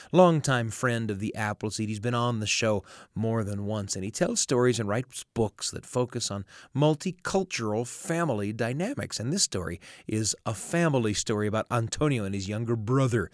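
A man's voice: medium pitch, no room sound, clean studio sound. A man hosting a storytelling show, introducing the next story in a friendly, plain way. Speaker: host.

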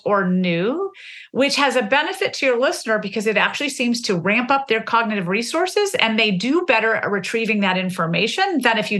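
A woman in her forties, a linguist, giving animated explanations in an interview and acting out example phrases. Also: mid-range voice. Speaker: linguist guest.

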